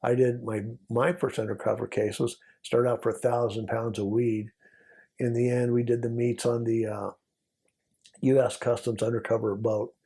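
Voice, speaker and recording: An older man, a retired federal agent, telling war stories in a relaxed interview. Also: mid-range voice, normal speed. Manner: gravelly, husky, anecdotal. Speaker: retired DEA agent, guest. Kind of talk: casual storytelling interview.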